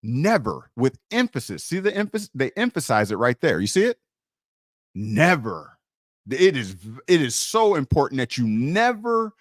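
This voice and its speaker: A man's voice: high-pitched, fairly bright tone, dry recording, clean studio sound. A man teaching on a livestream in an emphatic way. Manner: emphatic, muttering while searching his screen.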